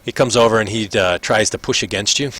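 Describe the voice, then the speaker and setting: A man running a tabletop game, narrating the scene in a casual, filler-heavy way. His voice sits fairly low but sounds bright and forceful. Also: fast. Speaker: game master.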